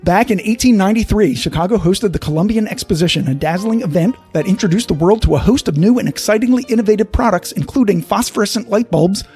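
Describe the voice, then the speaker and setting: A man's voice: high voice, fast, few pauses, a little mellow, breathy edge, soft background music. A man hosting a podcast, joking and punning as he reads a mock-dramatic history. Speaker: podcast host. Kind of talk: casual chat and comic scripted history reading.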